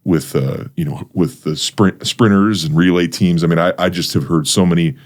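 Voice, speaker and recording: A middle-aged man hosting an interview, asking questions in a halting way with many fillers. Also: low voice. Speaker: host, interviewer. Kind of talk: casual interview.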